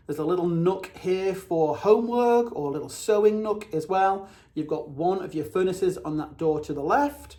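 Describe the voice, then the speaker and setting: A man's voice: fairly high pitch, a little mellow. A man from England, a realtor narrating a home tour in an upbeat, chatty way as he points out the features of each room.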